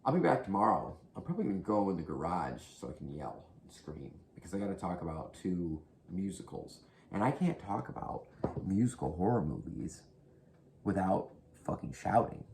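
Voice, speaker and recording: Low, gravelly male horror vlogger, close-mic half-whisper, rambling and profane. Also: big pitch swings, normal speed, darkish tone, slight background noise. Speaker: horror movie reviewer. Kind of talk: casual rambling recommendations. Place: indoors at home.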